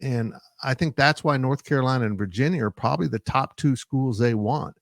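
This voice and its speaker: A male sports analyst discussing college football in a measured, analytical way, with frequent "uh" fillers. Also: medium pitch, creaky, no room sound, clean studio sound. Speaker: sports site publisher and analyst.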